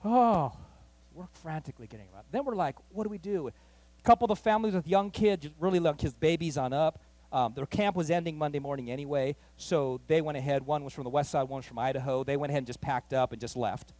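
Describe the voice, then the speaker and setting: A man pastor telling a story in a sermon, animated and acting out the voices of the people in it. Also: on the high side, fast talker, no echo. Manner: animated, acts out quoted voices, rising excitement. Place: church.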